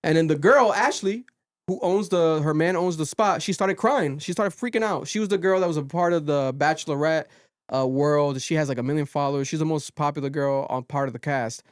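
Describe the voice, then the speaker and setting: A man hosting a podcast, recapping a reality show in animated casual chat and swearing freely. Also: a little high, a little fast. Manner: animated storytelling, swears freely, quotes people in raised voices. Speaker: podcast host.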